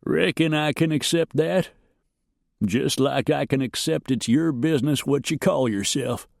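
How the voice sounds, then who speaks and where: A man doing a gruff old frontier grandfather. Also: fairly high pitch, unhurried, no room sound, studio quality, pitched above the performer's own voice. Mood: reassuring.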